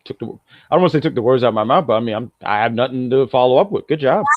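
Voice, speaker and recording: A man co-hosting a casual wrestling review podcast, rambling with many restarts and bursts of loud excitement. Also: mid-range voice, very fast, dry recording, lo-fi sound. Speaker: podcast co-host.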